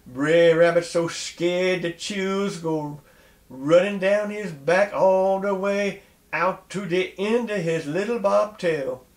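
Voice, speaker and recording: A man telling a folk tale aloud in a lively dialect style. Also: high voice, takes it slowly, reverberant. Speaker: storyteller.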